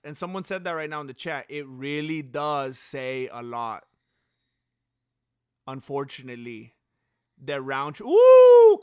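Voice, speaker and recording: A man commentating on a fight in a live reaction stream, excitable, breaking into sudden shouts and doing goofy impressions of the fighters. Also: on the high side, smooth, no echo, clean studio sound. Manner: mimics fighters in goofy voices.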